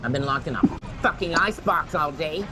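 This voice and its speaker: A man's voice: fairly high pitch, lively intonation, fairly quick, background noise, lightly acted. An actor playing a brash, crude male gangster who mocks and taunts, heard as a film clip played over a call. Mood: mocking.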